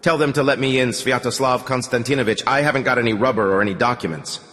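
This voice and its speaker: A man's voice: mid-range voice, quick pace, a bit bright, big-room sound, close to an everyday voice. A man voicing a tense young man in his twenties who speaks urgently and insistently. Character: young male wanderer, tense and pleading.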